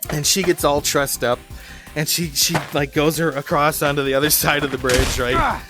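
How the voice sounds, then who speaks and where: A man's voice: on the high side, fairly even intonation, moderate pace, over music. Chatty man telling a story, laughing. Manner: chatty, laughs often, acts out voices. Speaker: gaming channel host. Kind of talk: casual storytelling over gameplay.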